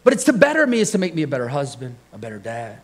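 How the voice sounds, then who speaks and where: A man preaching a relaxed, conversational sermon to his congregation, telling personal stories with frequent chuckles and questions to the crowd. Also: medium pitch, racing. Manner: jokey, chuckles often, asks the congregation questions. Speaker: pastor. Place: church service before a congregation.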